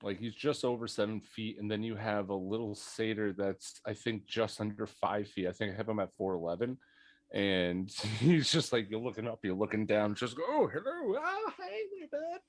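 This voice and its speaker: A man talking as a player in a tabletop game, animated and joking. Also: fairly low pitch, moderate pace, no echo.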